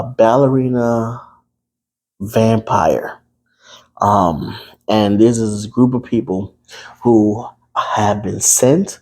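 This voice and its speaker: A man's voice: on the low side, a little mellow. A man casually reviewing a movie to camera, chatty and playful, talking to his viewers. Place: room with a TV behind him.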